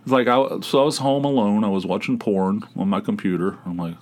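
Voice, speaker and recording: A man's voice: on the low side, a little fast, darkish tone. A man hosting a solo comedic podcast, telling rambling anecdotes in an incredulous way. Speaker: podcast host.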